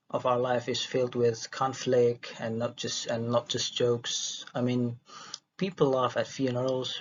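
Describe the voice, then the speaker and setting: Husky man reading haltingly aloud. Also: medium pitch. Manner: halting reading with restarts and stumbles. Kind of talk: reading a dialogue transcript aloud. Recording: dull lo-fi recording.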